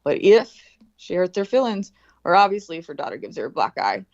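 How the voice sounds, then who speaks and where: Lady in her 40s rambling through a story, lots of cussing, lowish voice, dry dull sound. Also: brisk, dry recording. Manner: animated, swears freely, acts out quoted voices. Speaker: guest. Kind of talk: casual storytelling chat. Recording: dull lo-fi call audio.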